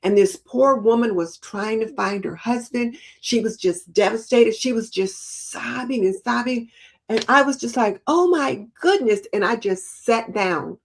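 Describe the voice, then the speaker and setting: A woman co-hosting a livestream chat, telling stories in an expressive, emphatic way. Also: a little high, a little slow. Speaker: co-host.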